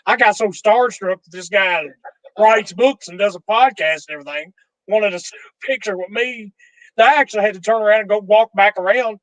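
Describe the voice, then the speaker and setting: A man's voice: high-pitched, brisk, a bit bright, no echo, rough recording. A man hosting a podcast in casual chat, telling a self-deprecating story with small chuckles. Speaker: podcast host.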